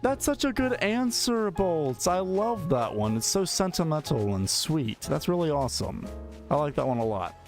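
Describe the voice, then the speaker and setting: Faint music plays behind a gaming streamer who chats and jokes with his audience and an AI assistant as he plays. He speaks at a normal speed in a fairly high, very animated voice with a darkish tone.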